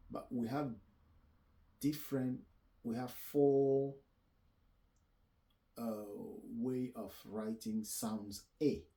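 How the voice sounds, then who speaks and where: A man teaching French pronunciation, speaking slowly and repeating sounds and letters, often correcting himself. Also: mid-range voice, mellow, low-quality recording. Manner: slow, repetitive, spells out letters and self-corrects. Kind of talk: slow classroom explanation.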